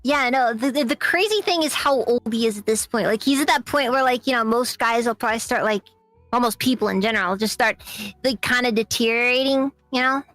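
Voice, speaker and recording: A woman guest on a podcast chatting excitably, repeating herself and stumbling into jokes. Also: fairly high pitch, brisk, dry recording, soft background music. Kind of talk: casual chat.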